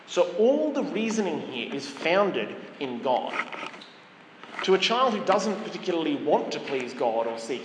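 A male preacher delivers a sermon in an earnest, measured way, stacking his points one after another. His voice sits a little high. The sound rings through a roomy church hall with a long reverb, and a faint hiss runs under it. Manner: measured, earnest, emphatic lists.

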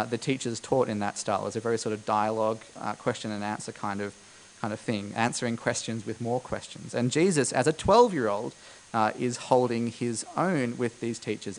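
A man's voice: mid-range voice, low-quality recording. A man preaching a sermon to a congregation, explaining scripture in a conversational way with frequent fillers.

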